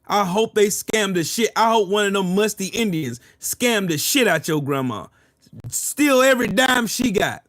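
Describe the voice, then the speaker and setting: On his livestream, a man answers chat comments while delivering a heated, profane, repetitive political rant. His high-sitting voice is a bit bright, and the recording is dry and studio quality.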